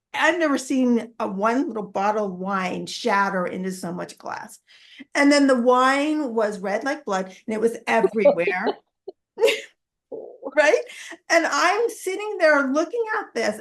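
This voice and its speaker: A woman's voice: fairly high pitch, fairly bright tone. A woman in a casual meeting conversation, telling a personal story in a reflective way.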